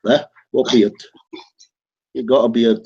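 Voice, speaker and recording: A man's voice: mid-range voice, level tone, measured pace, gravelly, a little mellow, slight background noise. A man in a casual online voice chat, teasing and insulting the others and often repeating himself. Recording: muffled lo-fi line.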